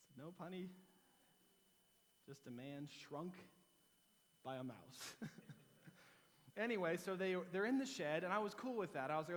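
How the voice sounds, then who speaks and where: A pastor giving a sermon, moving between firm exhortation and animated, self-mocking storytelling. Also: male voice, high voice, a little fast, big-room sound. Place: church sanctuary.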